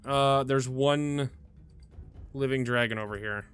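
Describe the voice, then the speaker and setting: A man's voice: mid-range voice, slow, a bit bright, smooth, faint music behind. A man hosting a gaming video, thinking aloud in a hesitant way with frequent restarts. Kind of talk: gameplay commentary.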